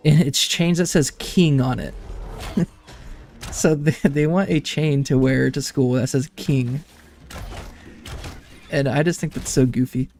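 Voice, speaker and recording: A man's voice: a little high, fairly even intonation, unhurried, long pauses, a little mellow, a little hiss or hum. A young man and streamer telling rambling family anecdotes in casual chat, laughing often. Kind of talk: casual chat while gaming.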